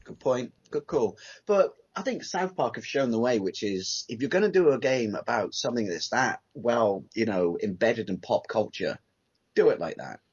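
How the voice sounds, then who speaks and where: A man's voice: medium pitch, normal speed, breathy edge. A man co-hosting a casual gaming podcast, swearing freely as he chats. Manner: animated, swears, quotes cartoon lines in put-on voices. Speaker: podcast co-host. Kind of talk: casual chat. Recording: dull lo-fi podcast audio.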